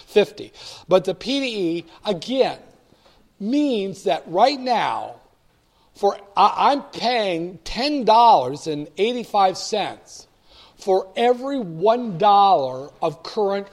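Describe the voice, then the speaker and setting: Chatty man walking through stock charts. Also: high-pitched. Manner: chatty, wry asides, many fillers and restarts. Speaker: stock market commentator. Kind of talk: casual screen-share market walkthrough.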